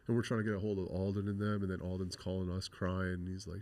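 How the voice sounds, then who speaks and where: Deep-voiced man telling a rough story. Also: flat delivery, quick pace, darkish tone. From Canada. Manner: rambling, swears often, full of "like". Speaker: podcast guest. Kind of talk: casual storytelling interview.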